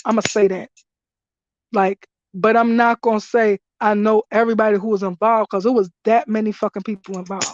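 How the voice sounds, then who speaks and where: A woman hosting a live stream, telling stories in a blunt, profane, animated way and laughing often. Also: mid-range voice, brisk, dry recording. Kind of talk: casual profane storytelling. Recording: dull lo-fi dry sound.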